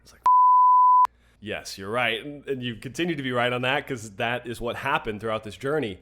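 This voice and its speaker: A young man co-hosts a podcast and shares an emotional personal story, earnest and open, restarting often. His voice is mid-range at a normal speed, with background noise in this casual podcast conversation.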